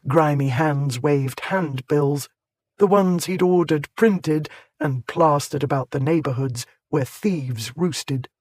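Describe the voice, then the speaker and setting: A man narrating an audiobook in a measured, clear way. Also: on the high side, a little mellow, no echo. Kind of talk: scripted narration.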